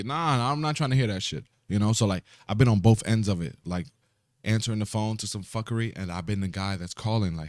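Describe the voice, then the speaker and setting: A man's voice: on the low side, fast talker, a little mellow, dry recording, studio quality. A man with a New York accent in casual podcast chat, laid-back and slangy, acting out phone calls as he tells stories. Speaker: podcast co-host. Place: podcast studio.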